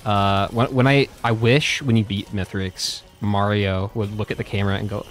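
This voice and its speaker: A man's voice: lowish voice, fairly even intonation, normal speed, hardly any pauses. A young man doing casual gameplay commentary, chatting to viewers with frequent swearing and laughter. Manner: profane, laughing, loose chatter. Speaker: YouTuber playing a game and talking to chat.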